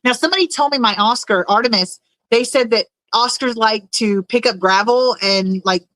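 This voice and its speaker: A woman's voice: fairly high pitch, normal speed, fairly bright tone, no room sound, rough recording. A woman hosting a casual livestream, chatting and reading viewers' messages aloud, often searching for words. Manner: rambling, reads chat aloud, searches for words. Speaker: livestream host.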